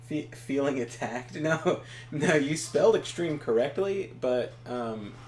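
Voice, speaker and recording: A man's voice: on the high side, lively intonation, unhurried, darkish tone. A man watching a video game being played, joking and rambling in casual chat and laughing often. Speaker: co-host watching and commenting. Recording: roomy sound with faint hum.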